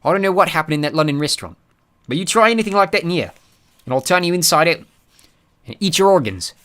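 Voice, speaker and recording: A menacing bodyguard thug, voiced by a male narrator. He delivers threats in a raised, forceful voice. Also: lively intonation, fast talker. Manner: threatening, low and close.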